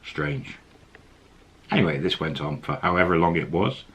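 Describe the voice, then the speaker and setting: Guy telling a story, low husky voice, rambly and chatty. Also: moderate pace, a bit bright. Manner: rambling, with fillers and laughs. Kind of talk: casual storytelling.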